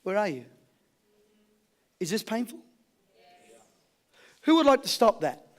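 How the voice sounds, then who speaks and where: A man with an Australian accent giving a high-energy motivational seminar, rallying a live audience with questions and call-and-response. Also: sing-song, slow pace. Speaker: motivational speaker.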